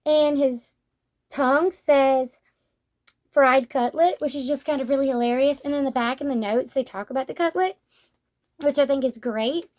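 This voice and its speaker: A woman's voice: sits high, moderate pace, darkish tone. A young adult woman talking casually as she reviews a manga, chatty and rambling, with lots of "like".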